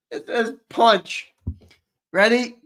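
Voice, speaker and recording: A podcast host with a very high-pitched, fairly bright voice runs a sports live stream over slight background noise. He banters casually and playfully, laughs often and reads viewer comments out loud.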